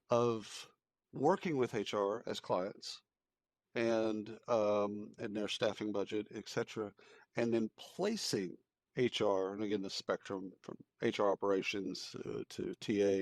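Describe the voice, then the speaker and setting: Deep-ish teasing co-host, rambling questions, dry mic. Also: male voice, a little slow, dry recording. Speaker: podcast co-host. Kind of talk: casual podcast banter.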